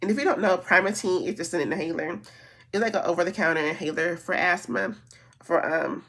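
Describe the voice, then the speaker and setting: Woman rambling thru a makeup chat, kinda gravelly voice, lots of "like" and "um". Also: fairly low pitch, a little fast, fairly bright tone. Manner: rambling storytelling with many fillers. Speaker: beauty vlogger. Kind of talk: casual get-ready-with-me chat.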